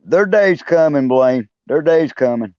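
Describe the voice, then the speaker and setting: A man's voice: on the high side, expressive, unhurried, clear, resonant tone, dry recording. A man calling in by phone to a casual chat, easygoing and profane as he agrees with the others. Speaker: caller on a prepaid phone. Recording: muffled, dry phone call.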